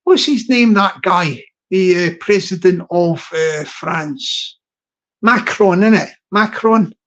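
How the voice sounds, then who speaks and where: A man's voice: sits high, takes it slowly, highs cut off. A man with a London accent hosting a casual livestream, rambling and chuckling as he chats. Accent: London English. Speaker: livestream host.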